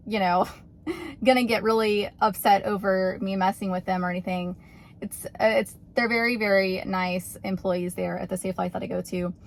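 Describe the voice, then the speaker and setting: A woman's voice: medium pitch, creaky. Chatty woman telling a funny story. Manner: chatty, rambling, full of "like" fillers. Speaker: YouTuber. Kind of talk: casual storytelling vlog.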